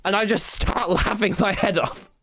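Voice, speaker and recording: A young man, telling a story to his live stream chat in an excitable way, dropping to mumbled asides and rising to loud yelps, and swearing freely. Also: high-pitched, normal speed. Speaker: livestreamer.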